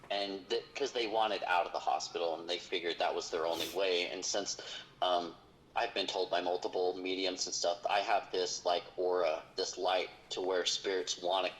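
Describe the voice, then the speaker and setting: A man who investigates hauntings, telling a long personal story in conversation, halting and full of fillers and restarts. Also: low-pitched, fairly bright tone, slight background noise, rough recording. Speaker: paranormal investigator.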